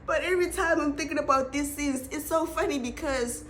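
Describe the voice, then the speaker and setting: Female vlogger, South African accent, high voice, animated and gossipy delivery. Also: a little fast. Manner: animated, laughs often, exclaims. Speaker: TV reviewer. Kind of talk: casual review vlog.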